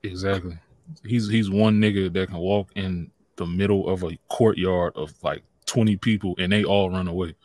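A man's voice: sits low, fairly even intonation, normal speed, darkish tone, no room sound. A man in a casual podcast chat, bantering bluntly and swearing freely. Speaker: podcast co-host.

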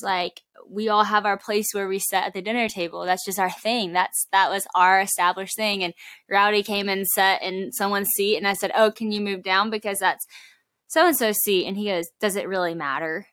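A woman's voice: medium pitch, fairly bright tone, no room sound. Young woman guest, earnest and chatty, fillers and quoted asides, dry studio mic. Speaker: podcast guest. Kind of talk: casual podcast conversation.

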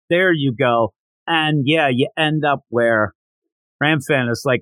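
A man hosting a podcast who gives a casual, animated recap of a comic chapter, with jokey asides. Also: mid-range voice, unhurried, no room sound, rough recording. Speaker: podcast host.

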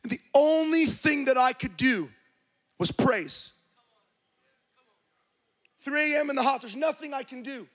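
A man's voice: very high voice, a little slow, long pauses, a bit bright. A man preaching a sermon to a congregation, telling a story with passion and quoting the people in it. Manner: impassioned storytelling with quoted dialogue.

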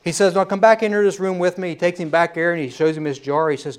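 A man's voice: a little high, quick pace, few pauses. Folksy middle-aged preacher man. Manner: folksy storytelling, conversational asides. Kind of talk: sermon with a told joke.

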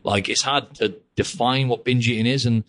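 Mid-range and a bit bright, this young man's voice stays fairly even at a moderate pace as he hosts a podcast. He's chatty and rambles along, sprinkling in "mate" and "like" over and over.

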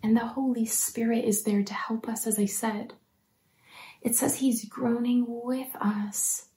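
Mellow-voiced woman preaching earnestly. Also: a little high, fairly even intonation, measured pace. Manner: earnest and encouraging, drops to soft near-whispers. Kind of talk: sermon.

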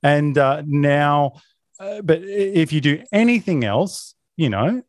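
A man co-hosting a casual film podcast, talking in a halting, wry way. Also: on the high side, animated, dry recording. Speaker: podcast co-host. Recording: dry close mic.

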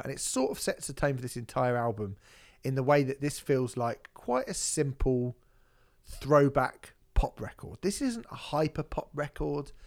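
A man's voice: medium pitch, darkish tone. A man co-hosting a music podcast, chatting casually and animatedly, with jokey asides while reviewing an album. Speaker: podcast co-host.

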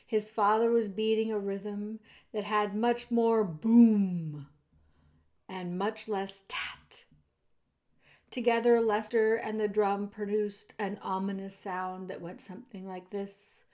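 A woman reading a children's book aloud chapter by chapter, in an expressive way that speaks directly to the listener. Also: medium pitch, slow pace. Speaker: storyteller.

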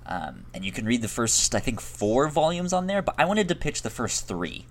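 A man's voice: mid-range voice, sing-song, normal speed. A young man co-hosting a podcast, chatting casually with many ums and restarts. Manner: rambling, frequent ums and restarts. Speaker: podcast co-host. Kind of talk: casual chat.

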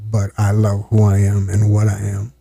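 A man in his seventies, a storyteller, talking in an interview in an earnest, halting way with frequent restarts, in a studio. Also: on the low side, completely flat delivery, vocal fry, warm tone, no room sound. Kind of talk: reflective interview talk.

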